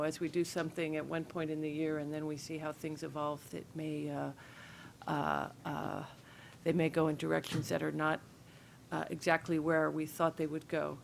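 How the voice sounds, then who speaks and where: A woman's voice: sits low, gravelly, slight background noise. A woman panelist answering carefully and hesitantly, with many fillers.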